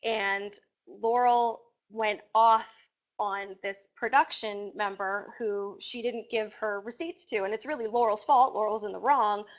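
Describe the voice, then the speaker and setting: A woman answering interview questions casually, chatty and animated, with acted-out quotes. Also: medium pitch, unhurried. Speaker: reality TV contestant being interviewed. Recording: dull lo-fi sound.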